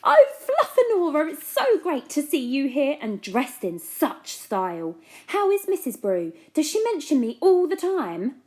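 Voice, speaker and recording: A woman's voice: fairly high pitch, expressive, moderate pace, pitched above the performer's own voice, natural voice. A woman voicing a vain, bossy little female fairy with a squealing, gushing way of talking in a children's storybook reading.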